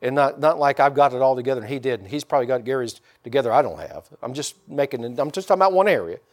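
A man's voice: medium pitch, expressive, rapid-fire, darkish tone. A man preaching a conversational sermon and talking directly to his congregation. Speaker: pastor.

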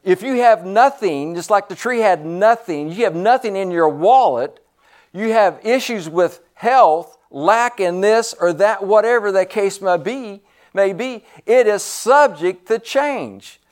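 A man preaching a sermon, emphatic and repetitive, swinging between loud stresses and hushed asides. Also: high voice, expressive, a little slow.

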